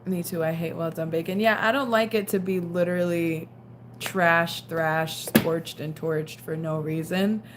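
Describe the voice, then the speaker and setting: A woman's voice: on the low side, steady tone, measured pace, heavy background noise. A young woman casually chatting on a late-night livestream, reading out viewer comments and sounding tired. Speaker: livestream host.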